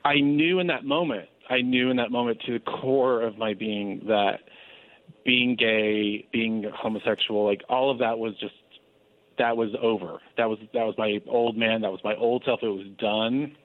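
A man telling his personal story as an interview guest, earnest and animated, with frequent restarts. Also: medium pitch, normal speed. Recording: dry tinny phone-like line.

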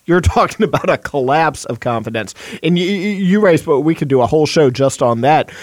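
High-voiced emphatic talk radio host. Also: male voice, animated, a little fast, no echo. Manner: emphatic, indignant.

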